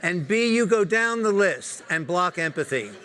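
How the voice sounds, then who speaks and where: A man's voice: high-pitched, animated, normal speed, a bit bright, a little hiss or hum. A man speaking at a corporate talk, leading a live group exercise and putting direct questions to the audience. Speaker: workshop speaker.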